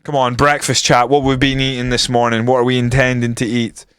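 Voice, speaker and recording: Male streamer, foul-mouthed ranting commentary, crisp voice, dead-dry sound. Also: mid-range voice, fairly quick, dry recording. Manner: sweary, ranting, swings to excited commentary. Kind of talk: casual game commentary on stream.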